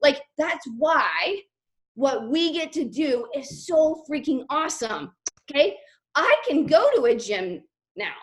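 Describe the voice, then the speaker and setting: A woman leading a team call, talking in a chatty, animated way with lots of fillers. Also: high-pitched, slow. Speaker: team leader on a sales call. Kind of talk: motivational team call talk.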